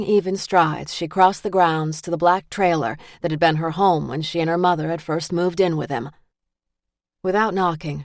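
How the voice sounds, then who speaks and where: A woman narrating an audiobook in a measured, even way, recorded in a booth. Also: on the low side, dry recording, clean studio sound.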